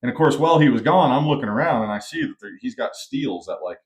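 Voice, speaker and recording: A man's voice: medium pitch, fast talker. A man co-hosting a podcast, telling a long story in a casual way and acting out the voices of the people in it. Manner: animated storyteller, acts out quoted voices. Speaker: podcast co-host.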